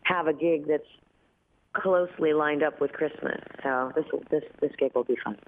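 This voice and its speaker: A woman talks through a thin, phone-like line, her voice a bit groggy and dry after a red-eye flight. She chats easily as a guest, with fillers and quick laughs along the way. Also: deep voice, slight background noise. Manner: chatty, laughs often, many fillers. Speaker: singer and guest. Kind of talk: casual interview chat. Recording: tinny phone-line audio.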